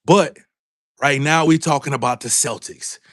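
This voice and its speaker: A man hosting a live sports talk stream, calling out to his viewers and repeating himself in a drawn-out way. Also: a little high, dry recording, clean studio sound. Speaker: sports talk show host. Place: home studio with a green background.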